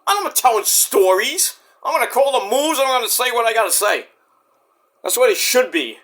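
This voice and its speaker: Male vlogger with a rambling, animated delivery, high and very lively. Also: moderate pace. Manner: animated, rambling, jumps into sudden shouts. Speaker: wrestling vlogger. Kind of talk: casual ranting review.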